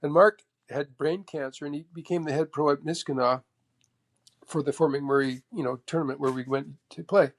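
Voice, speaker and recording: A man from Canada tells golf stories as an interview guest, with a gravelly, raspy texture and a slightly high pitch. He talks in an animated way and acts out the other people in his tales. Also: normal speed. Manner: animated anecdote teller, acts out the voices of others. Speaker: guest, former tour golfer. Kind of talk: casual storytelling interview.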